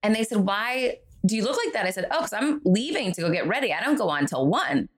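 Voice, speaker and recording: A middle-aged guest author tells a story during a podcast interview, animatedly acting out the voices of the people in it. Her voice is medium-pitched and brisk.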